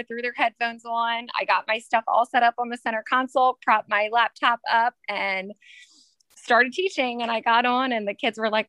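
Chatty thirtysomething woman, bright voice, dry close sound, lots of ums and little laughs. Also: mid-range voice, dry recording. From Maryland, US. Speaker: podcast guest, first grade teacher. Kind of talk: casual interview storytelling.

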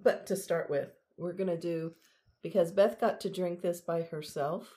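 A woman's voice: on the low side, steady tone, normal speed, mellow. A woman co-hosting a casual podcast with her daughter, wry and laughing often. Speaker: podcast co-host, mother. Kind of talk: casual chat.

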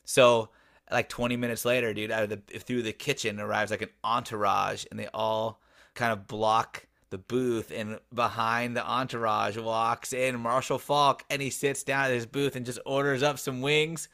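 Bright-voiced man telling a sports story. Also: mid-range voice, moderate pace. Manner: blunt, profane, animated storytelling. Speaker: podcast co-host. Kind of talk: casual sports chat.

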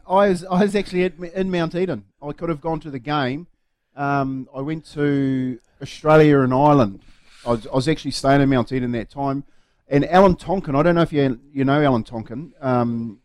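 Chatty New Zealand co-host, dry studio. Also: male voice, medium pitch, steady tone, normal speed, dry recording. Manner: chatty storyteller, says mate often. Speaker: radio breakfast co-host. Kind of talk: casual radio chat. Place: radio studio.

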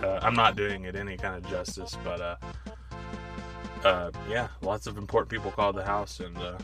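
A young man co-hosts a casual podcast, joking, laughing often, and tossing in quick asides. His voice sits low with a steady tone, heard over music.

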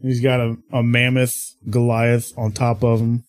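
A man's voice: medium pitch, monotone, a little slow, no echo. A man playing a tabletop game, blunt and wisecracking. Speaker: player. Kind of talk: casual tabletop game banter.

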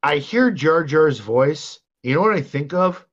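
A man's voice: on the high side, lively intonation, a little slow, fairly bright tone, muffled recording. An older man co-hosting a podcast, ranting in a profane, exasperated way. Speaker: podcast co-host. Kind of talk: casual podcast rant.

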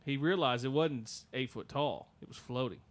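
A man of middle pitch tells a story on a podcast. His delivery is loose and conversational, and he often stops and restarts his sentences with lots of fillers. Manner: halting, many fillers and restarts. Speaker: podcast host. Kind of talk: casual storytelling.

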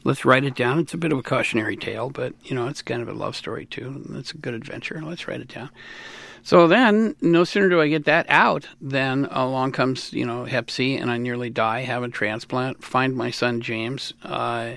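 A man in his sixties from the United States, a musician guest in an interview, talking in a rambling, animated way and laughing often. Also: mid-range voice, moderate pace, creaky, dry recording. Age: 60s. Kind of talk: casual interview talk.

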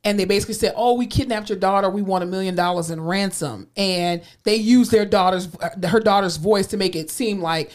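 A young woman co-hosting a podcast, bantering in casual chat with quick jokey asides. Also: mid-range voice. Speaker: podcast co-host and physical therapist.

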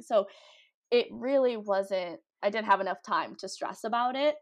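A young woman chatting casually as a guest, upbeat and talkative. Her speech is full of "like" and little fillers, and her pitch sits in an ordinary middle range. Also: a little slow. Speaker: guest, cruise ship ice skater. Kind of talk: casual interview chat.

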